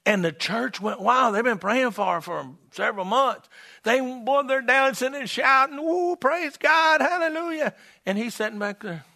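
Fiery high-voiced preacher man. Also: moderate pace, gravelly. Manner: fiery, shouting at peaks, then dropping low and quiet for stories; folksy, humorous. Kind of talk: evangelistic sermon.

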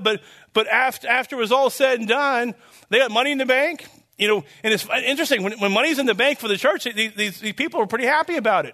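Guy preaching real casual, super high voice, kinda sharp, stumbles and restarts a lot then gets all emphatic. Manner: rambling and earnest, many restarts and fillers; builds to emphatic declarations. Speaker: pastor. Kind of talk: conversational sermon.

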